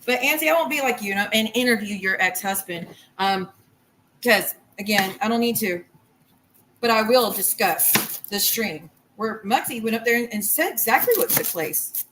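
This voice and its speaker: A woman's voice: on the high side, expressive, normal speed, a bit bright, slight background noise, low-quality recording. Heated, cursing woman ranting on stream. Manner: heated, profane, rambling and repetitive. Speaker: livestreamer. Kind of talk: angry livestream rant. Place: home kitchen while cooking.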